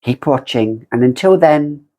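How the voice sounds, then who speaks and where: A woman's voice: very deep voice, expressive, a little slow, noisy background. A British woman reviewing fragrances in a casual vlog, theatrical and effusive as she gushes over scents. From Britain. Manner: theatrical and effusive, gushing descriptions.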